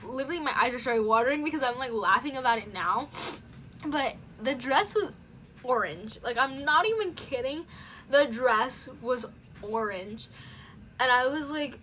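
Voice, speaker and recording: A teenage girl YouTuber telling a dramatic storytime in a casual vlog, animated and full of "like". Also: on the high side, moderate pace, slight background noise. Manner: animated, dramatic retelling with lots of "like".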